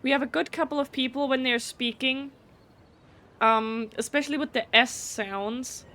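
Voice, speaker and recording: A woman's voice: sits high, fairly even intonation, normal speed, sharp tone. Chatty, blunt woman streamer. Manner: chatty, blunt, swears casually. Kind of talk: casual live gameplay commentary.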